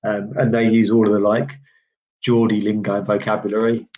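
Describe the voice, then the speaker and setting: Speaking at a fairly low pitch with a level, somewhat dark tone, this UK man talks fairly quickly. He's commentating on tennis live in a loose, chatty way, filling his answers to viewers with "um"s. The lo-fi stream sound is slightly dull.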